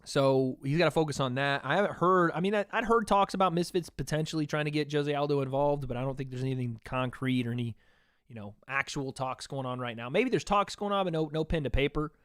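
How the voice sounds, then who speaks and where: A man's voice: a little high, fast talker, fairly bright tone, clear, resonant tone, no echo, clean studio sound. A man hosting a casual livestream, chatting loosely with his viewers and reading out their donations. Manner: chatty, reads donations aloud, talks to chat. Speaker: livestream host.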